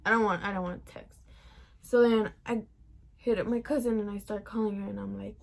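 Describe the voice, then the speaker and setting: Young woman vlogger, gravelly fry, chatty swearing storytime, mid-pitched. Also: steady tone, a little fast. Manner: chatty, profane, heavy use of "like". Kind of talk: casual storytime vlog.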